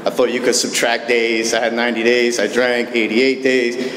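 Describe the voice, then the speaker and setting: A man's voice: mid-range voice, little pitch movement, moderate pace, a bit bright. A man tells his own story to a live meeting group, candid and self-mocking, dropping dry jokes between the hard parts. His voice rings out into a large reverberant hall, with a faint hum of room noise underneath. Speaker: recovery meeting speaker. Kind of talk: personal recovery story told to a live group.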